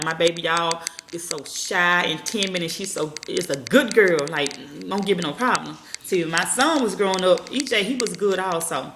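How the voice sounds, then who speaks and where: A woman's voice: fairly low pitch, noisy background. A woman vlogging at home, chatting casually and profanely to her viewers as y'all, rambling from one thought to the next. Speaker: parenting vlogger. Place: small room at home. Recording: echoey room.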